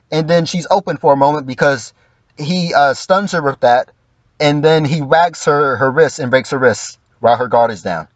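A man's voice: on the high side, moderate pace, no echo, lo-fi sound. A man giving casual, profane livestream commentary, acting out quoted lines in mock voices.

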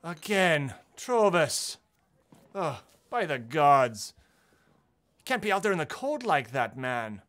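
A man's voice: on the high side, big pitch swings, takes it slowly, fairly bright tone, pitched above the performer's own voice, exaggerated voice. A man voicing a portly, motherly woman who runs the inn. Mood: scolding. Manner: scolding, fussing.

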